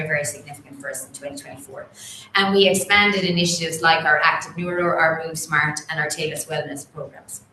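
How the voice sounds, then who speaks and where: A woman's voice: deep voice, sharp tone, slight background noise. A woman, a chief executive giving a formal presentation at an annual meeting, businesslike with the odd filler. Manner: clear, businesslike delivery with occasional fillers. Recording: echoey meeting room.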